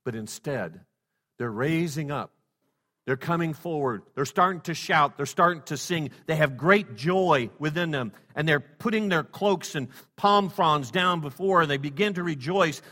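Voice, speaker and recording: A man preaching a sermon, swinging from loud exclamations to hushed low passages and leading the congregation in call-and-response. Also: lively intonation, a little slow. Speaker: pastor. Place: church sanctuary. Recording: long hall reverb.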